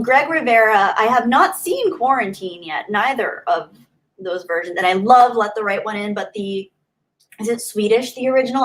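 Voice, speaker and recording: Chatty woman reading stream comments. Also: fairly high pitch. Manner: chatty, laughs often, reads viewer comments aloud. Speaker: livestream host. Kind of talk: casual livestream chat reading comments. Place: home in Southern California.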